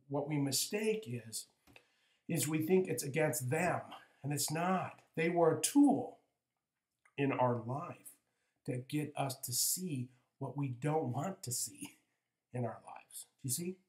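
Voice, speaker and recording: A man's voice: a little high, slow pace, a little mellow. A man in his fifties giving a conversational motivational spiritual talk as a coach, often breaking off to ask "right?". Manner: conversational, with frequent "right?" asides and restarts. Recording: echoey room.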